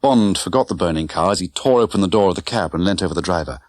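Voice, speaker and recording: A man narrating an audiobook with an expressive, dramatic reading. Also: sits low, fast, no echo. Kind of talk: scripted narration. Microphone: close studio mic.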